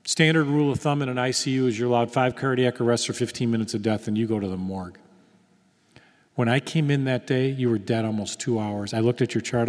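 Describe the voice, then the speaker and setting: A man's voice: mid-range voice, brisk. A man giving a testimony talk in a church hall, telling his story and acting out the quoted dialogue. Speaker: guest speaker. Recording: reverberant hall.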